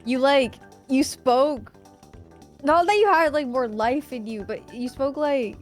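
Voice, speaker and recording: A woman co-streamer chatting casually, excitable, swearing and laughing a lot. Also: sits high, takes it slowly, soft background music. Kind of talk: casual chat on a livestream.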